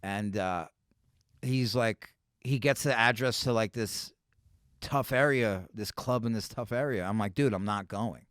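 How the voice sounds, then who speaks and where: A man from New City, a comedian telling animated, profane stories as a podcast guest. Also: medium pitch, a little slow, clear, resonant tone, no echo, studio quality. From New York City. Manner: animated, profane, full of "like" and "right?". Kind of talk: casual storytelling on a podcast.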